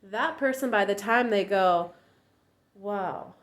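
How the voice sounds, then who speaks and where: A woman in her thirties speaks candidly as a relationship coach, her pitch swinging up when she acts out quoted voices. The delivery is casual and direct, aimed at her viewers. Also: slow pace.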